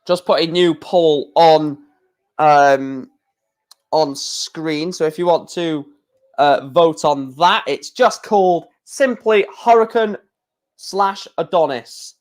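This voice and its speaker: Stream host, young man, rambling casual chat, voice a touch high. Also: slow. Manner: rambling, chatty, self-correcting.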